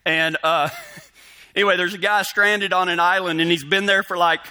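A man preaching in a folksy, animated way, full of cowboy talk. His voice sits high and sounds bright and forceful, and he often says "man" as he speaks. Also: normal speed, smooth. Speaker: pastor. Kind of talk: sermon.

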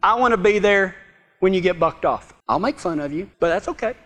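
A man preaching a sermon in a folksy, joking way, swinging from loud to hushed. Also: sits high, lively intonation, brisk. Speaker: pastor. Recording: long hall reverb.

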